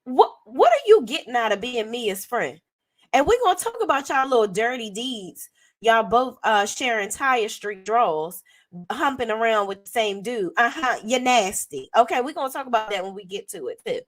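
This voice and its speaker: A hoarse woman giving a blunt, sassy, profane commentary as a reality TV reviewer. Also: a little high, animated, normal speed. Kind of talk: casual commentary.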